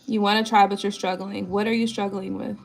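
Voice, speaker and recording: A woman's voice: mid-range voice, flat delivery, brisk, vocal fry, faint music behind. A woman tarot reader on a live stream, reading viewer comments in rambling, casual talk full of swearing and tag questions.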